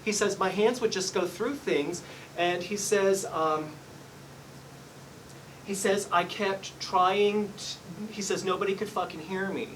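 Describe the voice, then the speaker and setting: A man's voice: sits high, slow pace, fairly bright tone, distant mic, a little hiss or hum, poor audio. Earnest man giving a psychic reading. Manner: earnest, polite, keeps apologizing while relaying messages. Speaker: psychic medium. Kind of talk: live reading session. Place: hair salon, indoors.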